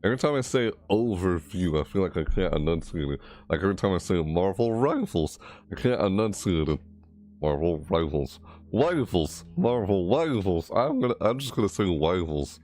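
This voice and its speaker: Low, mumbling man rambling through a game overview. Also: expressive, fairly quick, darkish tone. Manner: rambling, restarting phrases and correcting himself. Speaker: gaming video creator.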